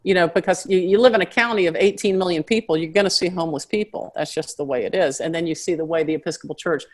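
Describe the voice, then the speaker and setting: A middle-aged woman with a slight Southern American accent, telling stories in a casual interview and acting out other people's voices with big jumps in pitch. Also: fast talker. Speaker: comedian and actress guest.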